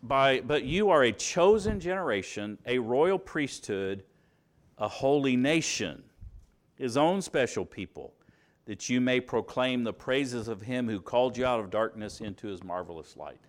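A man with a Southern US accent preaching a sermon, stressing key words by rising, dropping and slowing down. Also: medium pitch, animated. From Alabama, US. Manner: emphatic, rises and drops for stress, slows on key words.

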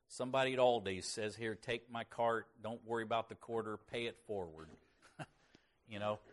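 Guy preaching a sermon, mid pitch voice, gets loud then drops way down at the ends. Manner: preaching with rising and falling emphasis, quiet drops at phrase ends. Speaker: pastor.

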